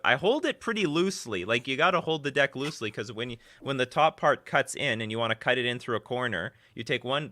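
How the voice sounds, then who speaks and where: A man's voice: mid-range voice, bright, forceful tone, no echo. A man hosting a live stream, reading out viewer questions and chatting casually, often stopping and restarting his sentences. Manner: chatty, self-interrupting.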